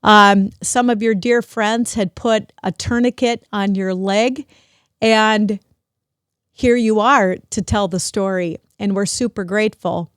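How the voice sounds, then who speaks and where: A middle-aged woman hosting a podcast, talking warmly and emotionally to her father, grateful and close to tears. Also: medium pitch, fairly even intonation, slow pace, clear, resonant tone, dry recording. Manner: emotional, grateful, at times tearful. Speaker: podcast host. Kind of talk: heartfelt family conversation.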